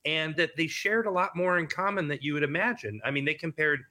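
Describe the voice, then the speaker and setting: A man's voice: on the high side, a little fast, pushed and bright. A man from Wisconsin, a filmmaker talking over a video call in a casual interview, rambling with many restarts. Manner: rambling, repeats words and restarts often. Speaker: filmmaker guest.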